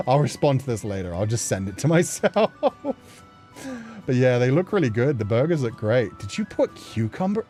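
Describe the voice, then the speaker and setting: Male streamer, casual chat, rambling, filler-heavy, laughs a lot, mid-pitched voice, faint background music. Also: darkish tone. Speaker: streamer hosting a chat show. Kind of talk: casual livestream chat reading viewer messages.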